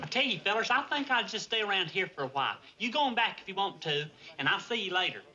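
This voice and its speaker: An actor playing a naive, cheerful young Marine private with a folksy Southern drawl, polite and earnest, in a 1960s TV sitcom. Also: male voice, sits high, sing-song, fast talker, pushed and bright, dull audio, exaggerated voice. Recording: TV soundtrack with laugh track and music.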